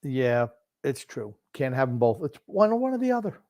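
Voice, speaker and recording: Older guy, gruff and blunt, casual podcast sports talk, middling pitch. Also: sing-song, normal speed, a little mellow, no echo, clean studio sound. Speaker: podcast co-host.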